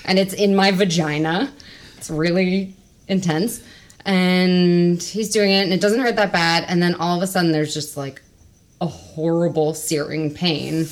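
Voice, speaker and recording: A woman in her thirties telling a personal story on a podcast, animated and laughing, swearing freely and acting out what people said. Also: lowish voice, unhurried. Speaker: storyteller guest.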